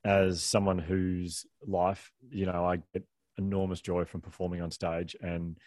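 A middle-aged man, a guest and author telling a candid story in a fast, rambling way, restarting his sentences often. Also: deep voice, little pitch movement, darkish tone, no echo, studio quality. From Australia.

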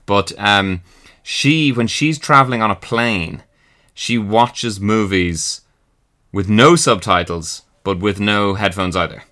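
Bright-voiced man with wry teasing. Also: fairly low pitch. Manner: wry, teasing, quick asides. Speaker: podcast co-host. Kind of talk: casual chat.

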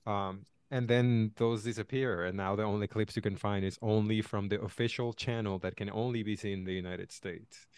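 A man co-hosting a podcast in casual chat, laid-back and halting, often chuckling. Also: lowish voice, fairly even intonation, darkish tone, clean tone, dry recording. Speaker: podcast co-host.

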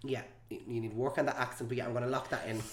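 Camp, animated man, chatty guest, roomy echo. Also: medium pitch, rapid-fire, a loud crowd. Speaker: actor guest. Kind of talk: casual chat.

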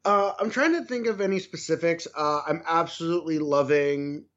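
A man's voice: a little high, normal speed, a bit bright, highs cut off. A man co-hosting a podcast, chatting loosely and enthusiastically in a casual review conversation, with some filler words. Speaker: podcast co-host.

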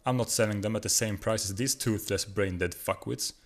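A crotchety old Viking fisherman, read by a Swedish man, curses at the lawmakers in a low voice. He is defiant and foul-mouthed. It sounds like a storybook reading. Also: fairly quick, lightly acted. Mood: angry. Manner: swearing, defiant shouting in dialogue.

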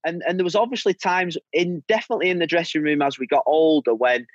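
A middle-aged man with a slightly high speaking voice tells stories as a podcast guest. He trips over his own words, repeating them as he goes, and chuckles often. The dry studio sound has almost no room reflection. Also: quick pace, dry recording, lo-fi sound. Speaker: podcast guest, former footballer. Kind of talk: anecdotal interview chat.

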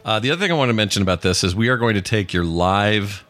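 Very deep-voiced middle-aged man joking around. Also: animated, quick pace, fairly bright tone. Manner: jokey, rambling, punning. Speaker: podcast host. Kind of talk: casual live-streamed chat.

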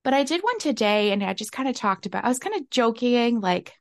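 A young woman hosts a solo podcast in a slightly high, sing-song voice at a fairly quick pace, talking candidly and reflectively and often laughing at herself. There's no echo.

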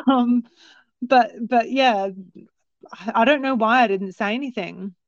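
A woman guest telling a story in a rambling, animated way, with many restarts. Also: on the high side, measured pace, no room sound. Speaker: guest recounting a sighting. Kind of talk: casual storytelling. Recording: dull, lo-fi, dry sound.

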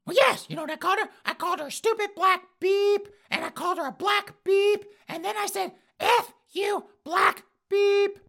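Man putting on a shrill ranting old woman. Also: fairly even intonation, normal speed, creaky, few pauses, pushed and bright, exaggerated voice. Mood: indignant. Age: 70s. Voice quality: screechy, ranting. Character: shrill, indignant old woman, seventies, bossy.

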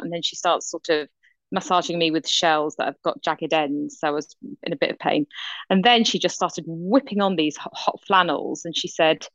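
Animated woman telling a story. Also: on the low side, a little fast, no room sound, lo-fi sound. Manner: animated storytelling with lively quoted voices. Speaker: podcast co-host. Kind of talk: casual chat.

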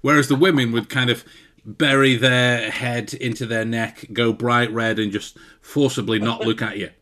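Bright-voiced chatty English man. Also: mid-range voice, steady tone, moderate pace. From England. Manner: chatty, laughs often, self-interrupting restarts. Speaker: podcast co-host. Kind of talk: casual chat.

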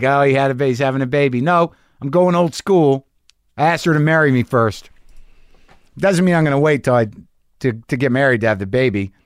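A middle-aged podcast host with a medium-pitched voice tells a rambling, profane, self-deprecating story in a casual monologue. The sound is clean studio quality with no echo.

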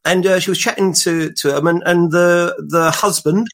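A man with a high voice, co-hosting a relaxed podcast. He tells his stories in halting bursts, restarting phrases as he goes. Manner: halting storyteller with many restarts. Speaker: podcast co-host. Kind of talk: casual chat.

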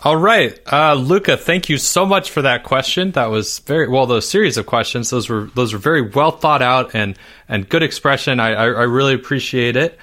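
A man's voice: mid-range voice, normal speed, pushed and bright. A man hosting a casual listener Q&A, friendly and easily amused, keeping things moving. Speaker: podcast host. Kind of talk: casual chat.

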